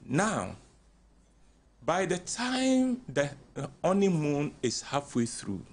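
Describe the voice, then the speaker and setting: An older man with a Ghanaian English accent talks in a relaxed, counselling way. His pitch sits a little high and swings widely as he acts out the voices of the people in his stories, with frequent chuckles along the way. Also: takes it slowly. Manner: animated storyteller acting out quoted voices, chuckling often. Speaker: radio guest speaker. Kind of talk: relaxed counselling talk on a radio show.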